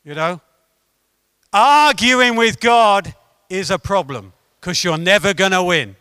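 A man preaching a sermon to a gathered audience, animated and emphatic as he tells stories. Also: sits high, slow, clear, resonant tone, dry recording, clean studio sound. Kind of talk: sermon with storytelling. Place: meeting room with an audience.

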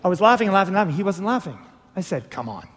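A male pastor preaching a sermon, animated and full of rhetorical questions, acting out little dialogues. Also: high voice, very fast. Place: church hall. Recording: long hall reverb.

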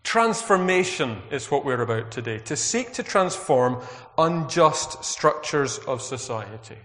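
A man's voice: medium pitch, lively intonation, unhurried, a bit bright. Man preaching in a reverberant church. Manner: earnest, reflective, asks the congregation questions. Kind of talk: sermon. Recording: long hall reverb.

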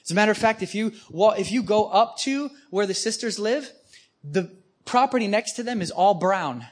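A man preaching to a live audience, telling stories with animated emphasis. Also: high voice, normal speed. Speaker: guest preacher. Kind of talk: storytelling sermon.

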